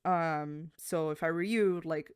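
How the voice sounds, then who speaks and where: A woman co-hosting a podcast, chatting casually and bouncing into high voices whenever she quotes someone. Her voice is smooth and clear, recorded dry and close to the mic. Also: slow, no echo. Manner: animated, acts out quotes with big pitch jumps, lots of fillers. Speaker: podcast co-host. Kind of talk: casual storytelling chat.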